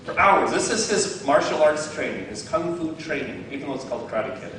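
A man's voice: a little high, expressive, fairly quick, noisy background. A man giving a casual faith talk outdoors, playful and self-mocking, often laughing at himself. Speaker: lay speaker giving a devotional talk. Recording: very echoey, distant from the mic.

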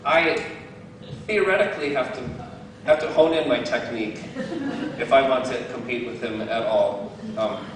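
A man giving a casual faith talk outdoors, playful and self-mocking, often laughing at himself. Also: mid-range voice. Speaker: lay speaker giving a devotional talk. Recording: very echoey, distant from the mic.

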